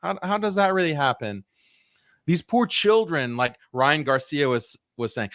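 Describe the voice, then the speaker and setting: A man's voice: a little high, lively intonation, a little slow, a bit bright, no echo, studio quality. A man joining a casual online panel as a guest, questioning things in an incredulous way.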